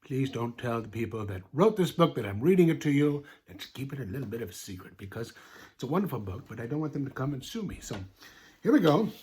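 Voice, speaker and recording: A man's voice: medium pitch, sing-song, fast, darkish tone. Rambling mock-earnest male storyteller. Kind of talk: comic deadpan story reading for children.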